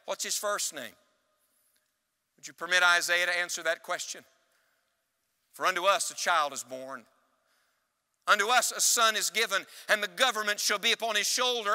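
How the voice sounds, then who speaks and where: A male evangelist preaches an emphatic, animated sermon, pausing so the congregation can shout the next word back to him. His high voice is bright and piercing, ringing with a long reverb as though in a large hall.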